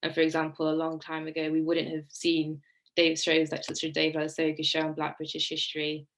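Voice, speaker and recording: A woman speaking as a panelist in an online academic discussion, quick and self-correcting as she searches for words. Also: deep voice, completely flat delivery, a bit bright, poor audio. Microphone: video call.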